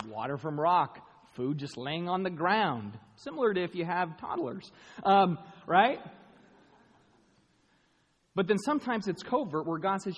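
Guy preaching a sermon in a big echoey hall, lively, does little voices, pretty high voice. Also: a little slow, pauses often, slightly rough. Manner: animated, acts out voices, jokey asides. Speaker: pastor. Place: large room with an audience. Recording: long hall reverb.

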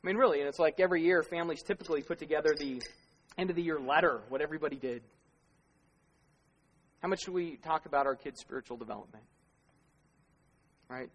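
A man's voice: a little high, quick pace, pauses often. A male pastor giving a conversational sermon, asking rhetorical questions and laughing at himself now and then. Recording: long reverb of a large hall.

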